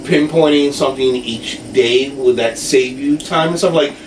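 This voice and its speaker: A man's voice: mid-range voice, normal speed. A man co-hosting a podcast in casual chat, chiming in with short remarks and follow-up questions. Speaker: podcast co-host. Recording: echoey room, mic at a distance, faint noise.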